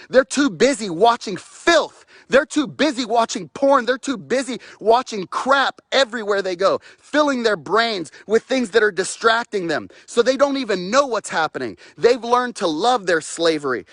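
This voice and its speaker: A man's voice: sits high, fairly bright tone, no room sound. A man delivering a fiery, preachy rant outdoors, repeating phrases and mocking others' voices, recorded close on a phone.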